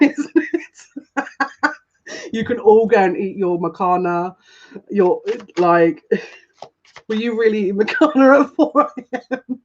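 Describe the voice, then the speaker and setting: A woman's voice: on the low side, a little mellow, a little hiss or hum. A woman giving a casual live tarot reading as a psychic, chatty and rambling with frequent giggles. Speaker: psychic reader. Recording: dull lo-fi sound.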